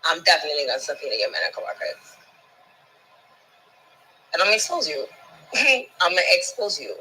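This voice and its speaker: A woman's voice: deep voice, very animated, fairly quick, pushed and bright, slight background noise, poor audio. A woman, ranting scornfully at someone, swearing constantly and stumbling over repeated words when she gets heated. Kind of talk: profane ranting monologue.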